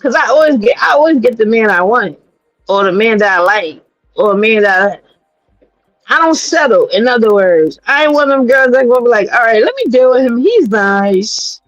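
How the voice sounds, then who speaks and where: A woman from New York City hosting a livestream, talking in a blunt, profane and animated way as she gives her commentary. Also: fairly high pitch, fairly quick, no echo, highs cut off. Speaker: streamer host.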